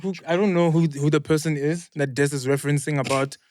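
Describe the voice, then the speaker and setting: A man's voice: fairly high pitch, fairly even intonation, fast talker, darkish tone, no echo, studio quality. A man, a co-host in casual football chat, who builds up his points with hesitant starts. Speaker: podcast co-host.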